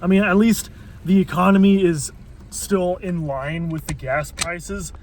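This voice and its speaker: A man's voice: sits high, fairly even intonation, measured pace, a little mellow, slight background noise. A man vlogging from his car in a waiting line, grumbling and swearing in irritated rants. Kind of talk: ranting car vlog.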